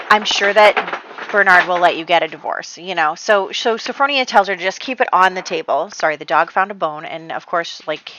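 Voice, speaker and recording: Bright, chatty woman recapping her game. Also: mid-range voice, highs cut off. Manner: chatty, quotes characters in quick voices, lots of "like". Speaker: Sims gameplay narrator. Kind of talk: casual story recap.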